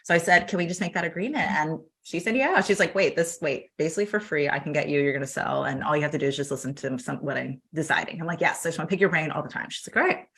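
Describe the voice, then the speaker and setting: A woman in her thirties talking through her story for an interview. She acts out every back-and-forth as she goes and laughs along the way. Her voice is fairly low but bright and forward. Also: fast, few pauses. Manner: animated, acts out quoted dialogue, laughs often. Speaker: podcast guest.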